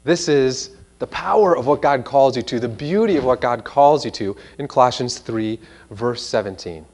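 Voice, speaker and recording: A man preaching a sermon in a church, animated and earnest, sometimes mimicking voices in quoted asides. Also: medium pitch, moderate pace. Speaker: pastor.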